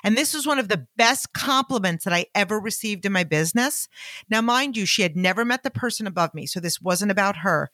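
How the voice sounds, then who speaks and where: A middle-aged woman hosting a podcast, telling a personal story with lively acted-out dialogue and frequent filler phrases. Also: mid-range voice, fairly quick, no room sound. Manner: animated, acts out quoted dialogue; fillers like "long story short" and "like". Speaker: podcast host. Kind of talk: storytelling monologue.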